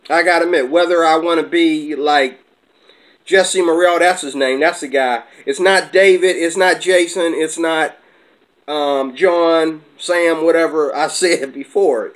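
A man with a fairly high voice rants to his viewers in a heated, combative way. He jumps between points, circles back, and presses each claim. At times he slows down and drops quieter. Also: rough recording. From America. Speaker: channel host. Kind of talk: heated vlog rant.

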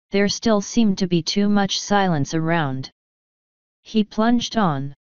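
A woman reading an audiobook in a measured, dry narration. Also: medium pitch, expressive, a little mellow, clean tone, no echo, highs cut off. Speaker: audiobook reader.

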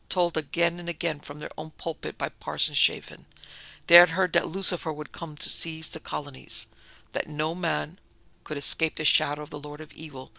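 A podcast narrator reading a classic horror tale in dramatic, measured scripted narration. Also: mid-range voice, gravelly, sharp tone, dry recording.

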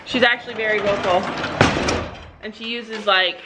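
A woman chatting to the camera in a casual vlog, her voice sitting at an ordinary middle pitch. She tells stories in a loose, rambling way and often restarts her sentences. When she turns to her animals, she lifts into a high, sing-song tone. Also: steady tone, normal speed, very noisy. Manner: rambling storytelling with frequent restarts. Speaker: vlogger and horse owner.

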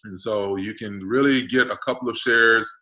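Relaxed man with a bright, lowish voice. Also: moderate pace, poor audio. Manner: relaxed, steady explaining with uh fillers. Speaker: co-host explaining stock investing. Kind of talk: casual explanatory chat. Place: indoors at a rented home.

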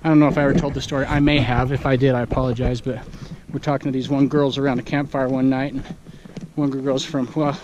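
A man's voice: medium pitch, little pitch movement, fast talker, noisy background. A man hiking a long trail, talking to his vlog camera outdoors in a casual, enthusiastic, exclamatory way. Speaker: hiker vlogger.

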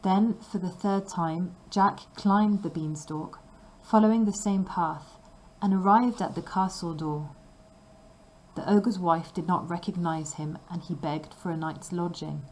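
A woman narrating a fairy tale for language learners with clear, measured reading. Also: fairly low pitch, a little mellow, low-quality recording. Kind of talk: scripted storybook narration.

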